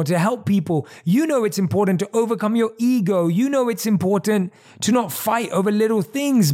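A man's voice: sits high, mellow. Earnest motivational podcast host, man. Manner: earnest, emphatic, repeats key phrases. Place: at his desk. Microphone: desk microphone.

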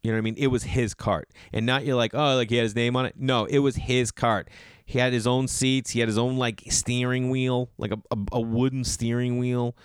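A man's voice: medium pitch, level tone, normal speed, clear, resonant tone, dry recording, studio quality. A male comedian telling casual stories, acting out the people in them with raised, exasperated voices. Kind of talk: casual storytelling.

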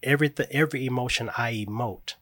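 A grieving father joins as a guest for a casual chat, telling earnest stories about raising his small son in a reflective manner. He talks quickly, with a medium-pitched, fairly bright voice, and the audio has no echo.

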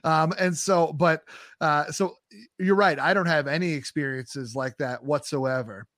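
A man with a New York accent and a slightly high voice hosts a casual chat, wry and quick to poke fun at himself. The recording is dry, with little room sound. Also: fairly even intonation, fairly bright tone, no echo. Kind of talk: casual conversation.

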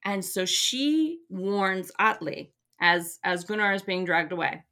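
A woman hosts and retells an old legend in loose, casual talk. She is animated and freely profane, and her voice is bright and forceful. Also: lowish voice, slow. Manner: animated, profane, laughs often. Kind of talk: casual storytelling.

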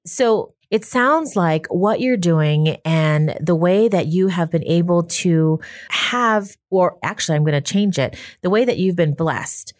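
A woman's voice: lowish voice, a little slow. A woman hosting a podcast interview, affirming and engaged with her guest. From Colorado, US. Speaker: podcast host. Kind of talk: interview conversation.

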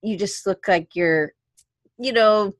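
An effusive woman from the United States hosting a casual interview, talking warmly and at length. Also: mid-range voice, slow, dry recording. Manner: bubbly, effusive, talkative. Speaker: podcast host.

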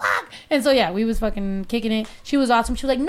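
A woman hosting a podcast, chatting casually, loud and full of swearing, slipping into Spanish. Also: fairly high pitch, expressive, racing, hardly any pauses. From Mexico. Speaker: podcast host. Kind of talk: casual chat.

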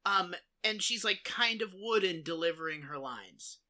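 A woman's voice: lowish voice, animated, moderate pace, sharp tone. A woman co-hosting a casual podcast, asking questions and swearing casually. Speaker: podcast co-host. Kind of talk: casual chat.

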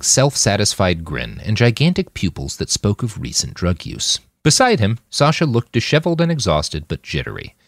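A man narrating an audiobook chapter, expressive, on a close mic. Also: deep voice, dry recording.

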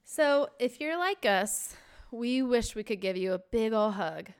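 A woman co-hosting a teaching podcast, upbeat and quick to laugh. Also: fairly high pitch, lively intonation, clear, resonant tone. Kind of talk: casual podcast chat.

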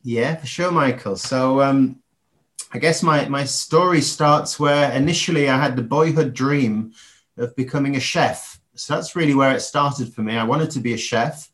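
An English man in his forties speaks as a podcast guest, with an ordinary mid-range pitch. He talks reflectively, pausing on fillers and restarting his phrases as he thinks. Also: a bit bright. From England. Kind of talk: podcast interview.

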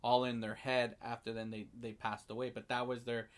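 A man in casual chat, animatedly retelling a film scene by scene and acting out the characters' lines, with swearing. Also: a little fast. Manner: animated storyteller, acts out lines with big jumps in pitch and loudness, swears.

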